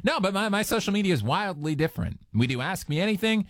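Guy doing radio host patter, joking around, pitch jumps all over, dry close studio sound. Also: expressive, fast talker, no room sound. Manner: playful, self-mocking, upbeat. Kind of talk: jokey on-air radio patter.

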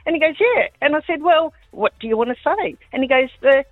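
A woman's voice: sits high, animated, fast, no echo, faint music behind. A woman with an Australian accent calling in, telling a story animatedly and acting out the voices. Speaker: caller. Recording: tinny phone line.

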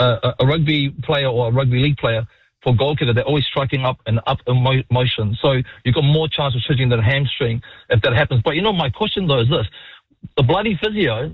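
A man calling a sports radio talkback show, blunt and excitable, swearing freely and calling everyone mate. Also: medium pitch, husky, dry recording. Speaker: caller. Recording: muffled phone line, dry.

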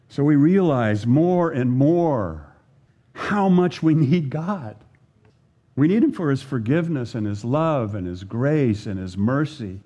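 A man preaching a sermon as a pastor, earnest and unhurried, leaning hard on scripture readings and pausing for effect. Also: mid-range voice, expressive, dark tone, muffled recording. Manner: earnest, slow preaching with dramatic pauses and emphatic scripture readings.

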